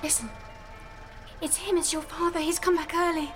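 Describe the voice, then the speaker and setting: Actress for a high, commanding young lady; headstrong, urgent, radio drama. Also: fairly even intonation, moderate pace, over music. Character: bossy headstrong young woman of a past era.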